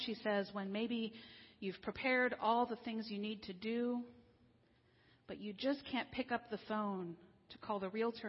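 A woman minister giving a sermon in a conversational, wry way, slowing down for serious points. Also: medium pitch. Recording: dull lo-fi sound with long hall reverb.

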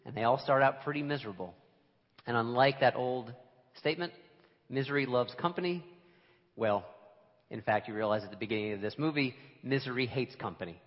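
A man preaching a sermon to a congregation in a relaxed, conversational and self-deprecating way, with emphatic moments. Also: mid-range voice, a little fast, pauses often, long reverb tail, lo-fi sound. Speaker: pastor. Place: church sanctuary.

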